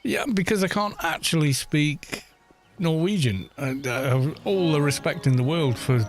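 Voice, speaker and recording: A middle-aged British man streams a game and chats casually, rambling through anecdotes and swearing now and then. His voice is a little high and his pace moderate, with faint music in the background.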